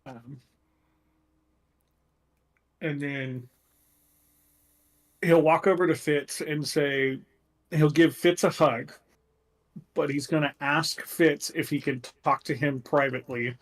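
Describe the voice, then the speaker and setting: A man casually narrates his character's actions in a tabletop role-playing game, with many pauses and fillers. His voice is fairly high in pitch and his intonation fairly even.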